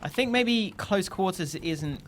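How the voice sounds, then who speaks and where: A half-Australian man trades playful teasing with his co-host during a live game stream. His voice is fairly high and swings lively up and down. A faint background hiss runs under it. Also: a little slow. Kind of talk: casual live-stream banter.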